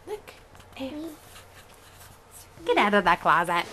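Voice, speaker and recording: A woman's voice: on the high side, very animated, measured pace, pauses often, fairly bright tone, slight background noise. A mother at home coaxing her toddler, using sing-song baby talk. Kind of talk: home video, talking to a toddler.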